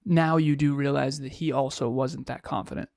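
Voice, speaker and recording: A man's voice: medium pitch, fairly even intonation, moderate pace, gravelly, darkish tone, dry recording, clean studio sound. A man co-hosting a podcast in casual chat, probing with pointed follow-up questions. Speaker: podcast co-host. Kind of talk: casual chat, interviewing co-host.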